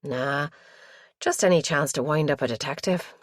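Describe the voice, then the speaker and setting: A woman's voice: sits low, normal speed, no room sound, studio quality. Woman reading a wry policewoman. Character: wry young female police detective.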